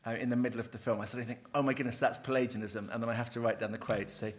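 This middle-aged man lectures on theology from a handout, racing along in a mid-range voice. He's lively and drops wry, self-deprecating asides as he teaches.

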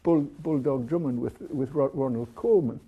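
A man's voice: medium pitch, normal speed, breathy edge, narrow, tinny audio. A man giving a rambling university lecture, full of restarts, stumbles and asides.

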